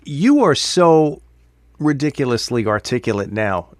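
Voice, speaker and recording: A man hosting an interview, speaking warmly and encouragingly to his guest. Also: medium pitch, big pitch swings, unhurried, dry recording, clean studio sound. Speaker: host.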